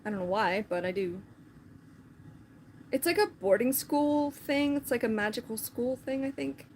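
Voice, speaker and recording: A woman's voice: on the high side, lively intonation, moderate pace, darkish tone, slight background noise. A woman chatting casually on a live stream, rambling with lots of filler words.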